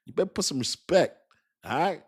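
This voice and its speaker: A man's voice: a little high, animated, fairly quick, slightly rough. A man streaming casual, emphatic commentary to his viewers, repeating himself and asking them questions. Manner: emphatic, repetitive, talks straight to viewers with "y'all" and "you understand"; laughs and jokes about his own accent. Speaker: crypto streamer. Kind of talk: casual hype commentary to a live chat.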